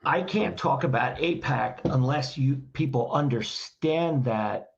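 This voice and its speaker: A man's voice: medium pitch, takes it slowly, gravelly, muffled recording. A man, a trainer and podcast guest, explaining behavior in a direct, instructive way and firing off rhetorical questions.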